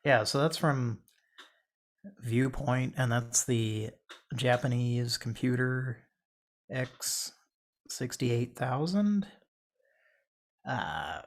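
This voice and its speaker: A gravelly, mid-range male voice belongs to a podcast host in casual chat. He rambles, trails off, and restarts his sentences as he goes.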